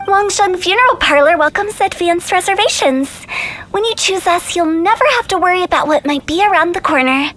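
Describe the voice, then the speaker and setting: Hu Tao, a mischievous funeral director. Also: female voice, very high-pitched, fairly quick, fairly bright tone. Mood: teasing. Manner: teasing, breezy, morbid humor. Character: playful, mischievous young woman who runs a funeral parlor. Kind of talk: video game voice acting.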